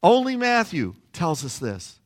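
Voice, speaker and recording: Animated pastor, slow and lively. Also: male voice, a little high. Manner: animated storytelling with playful asides. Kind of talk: sermon. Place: on a stage platform.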